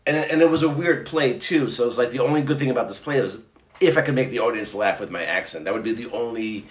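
A middle-aged man chatting casually as a co-host, telling stories in a rambling, animated way with many restarts. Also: medium pitch, fast. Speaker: podcast co-host. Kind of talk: casual chat. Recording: roomy echo.

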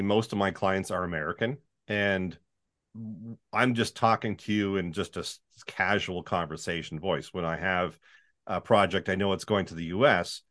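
A Canadian man with a baritone voice, a voice-over artist chatting in an interview and slipping into demo voices. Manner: chatty, animated, demonstrates reads in put-on voices. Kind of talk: casual interview chat.

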